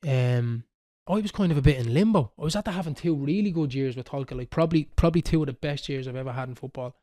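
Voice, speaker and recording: A man in his thirties with a Dublin Irish accent, telling a football story in casual chat on a podcast, animated and swearing freely. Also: mid-range voice, fast. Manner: animated, swearing, quoting others. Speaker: podcast host.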